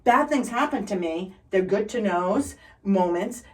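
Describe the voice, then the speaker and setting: A middle-aged woman with a Boston accent tells stories as an interview guest, bright with relentless positivity. Her voice sits at an ordinary pitch and sounds set back from the microphone. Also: expressive, unhurried, far from the mic, rough recording. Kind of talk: upbeat storytelling in conversation.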